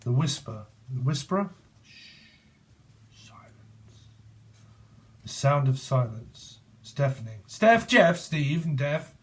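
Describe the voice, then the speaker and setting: A British man in his forties with a fairly high voice runs a loose, jokey tarot reading. He talks slowly and drifts from one pun and word association to the next, laughing at his own jokes. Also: sing-song. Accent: British English. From Britain. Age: 40s. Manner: rambling, jokey, free-associating wordplay; laughs often and swears casually. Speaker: tarot reader. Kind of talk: casual tarot reading monologue.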